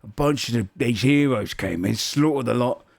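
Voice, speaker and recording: A man voicing a short, clever male ogre prisoner who chats roughly and swears casually. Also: medium pitch, normal speed, close to an everyday voice. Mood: chatty.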